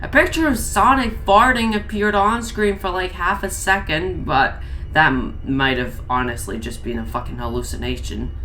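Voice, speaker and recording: A woman's voice: lowish voice, moderate pace, pushed and bright, a little hiss or hum, low-quality recording. A woman reading a crude comedic story aloud, with sarcastic, profane asides. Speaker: creepypasta reader.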